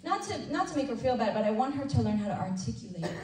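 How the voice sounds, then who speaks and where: A woman leading a women's ministry breakfast, preaching in a conversational, animated way and acting out little asides. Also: fairly high pitch, quick pace. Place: church event room. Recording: roomy hall sound from a distant mic with faint noise.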